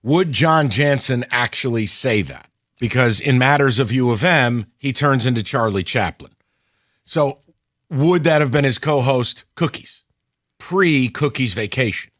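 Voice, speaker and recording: A man hosting a sports radio show in a studio, bantering excitably with his co-hosts. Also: medium pitch, no room sound. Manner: excitable, quick banter, whoops when right. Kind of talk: casual sports talk.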